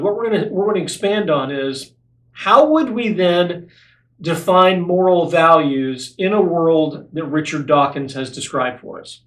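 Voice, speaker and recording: A man's voice: a little high, echoey room, rough recording. A man hosting a faith podcast, explaining ideas earnestly and repeating key phrases for emphasis. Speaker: podcast host. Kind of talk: apologetics podcast teaching.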